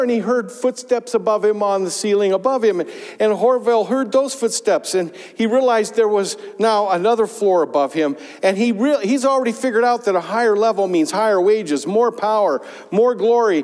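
A man preaching a sermon as pastor, telling a parable with lively emphasis. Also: sits high. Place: church sanctuary. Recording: long church reverb.

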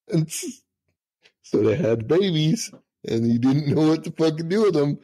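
A man's voice: a little high, expressive, a little slow, dark tone, slightly rough. A middle-aged man, a retired senior master sergeant, telling profane, laughing anecdotes in casual storytelling.

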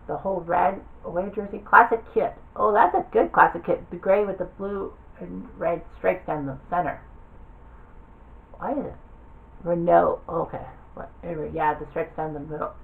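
A woman's voice: on the low side, fairly even intonation, moderate pace, gravelly, low-quality recording. A woman giving offhand, rambling commentary while browsing a game, thinking aloud as she goes. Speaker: gaming video creator.

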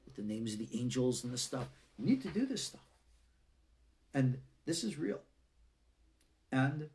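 Gravelly, emphatic man lecturing. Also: mid-range voice. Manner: earnest, emphatic, exhorting. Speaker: rabbi teaching an online class. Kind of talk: live-streamed lecture.

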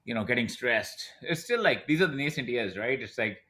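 A man's voice: medium pitch, brisk. A man in his thirties telling stories as a podcast guest, acting out what other people said. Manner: animated storyteller who acts out quoted dialogue. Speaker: podcast guest, e-commerce brand owner. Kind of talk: casual interview talk.

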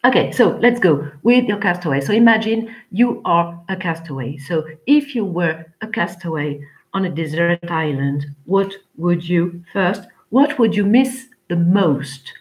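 A woman teaching an English class online, chatty and rambling, with frequent pauses as she talks to her students. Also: on the low side, expressive, poor audio.

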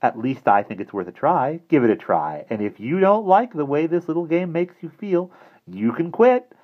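A man voicing a small, soft-spoken, persuasive older man who talks in a purring, coaxing way. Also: normal speed, lo-fi sound. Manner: purring, coaxing, high and animated.

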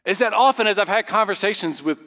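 Animated pastor preaching in a reverberant hall. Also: male voice, quick pace. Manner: animated, swings from loud emphatic to quiet low. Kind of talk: sermon. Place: church sanctuary.

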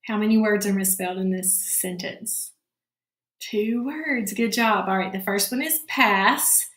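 A woman's voice: mid-range voice, fairly bright tone. A woman teaching a recorded phonics lesson to children, patient and encouraging, often saying good job. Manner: slow, patient, encouraging, frequent "all right, good job". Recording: roomy, echoey classroom-style sound.

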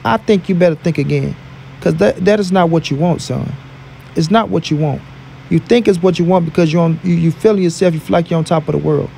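A man's voice: a little high, quick pace, creaky, warm tone, a little hiss or hum. A man from St. Louis giving casual boxing commentary as a vlogger, with emphatic, repetitive, profane trash talk. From St. Louis, USA.

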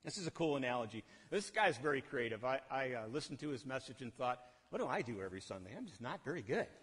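A male pastor preaching a sermon, animated, asking the congregation questions and acting out quotes. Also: mid-range voice, fast, breathy edge. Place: church sanctuary. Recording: long hall reverb.

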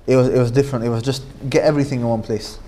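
A man's voice: medium pitch, steady tone, rapid-fire, dark tone. Manchester guy teaching a class, chatty, says things twice, keeps asking the room "okay?". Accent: Manchester English. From Manchester, England. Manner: conversational, repeats points, checks in with the class. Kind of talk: informal classroom lesson.

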